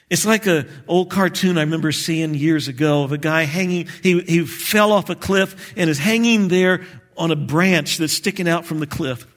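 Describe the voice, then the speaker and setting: High-voiced animated male pastor preaching. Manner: animated, acts out prayers, chuckles at himself. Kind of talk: sermon.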